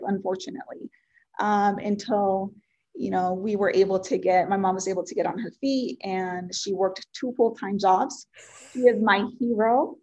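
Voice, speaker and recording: A woman in her forties whose first language is Spanish speaks at a medium pitch. She shares her life story with an interviewer, earnest and heartfelt. She is unhurried, with frequent ums and thoughtful pauses. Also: mellow. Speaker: interview guest. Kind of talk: personal life story in conversation.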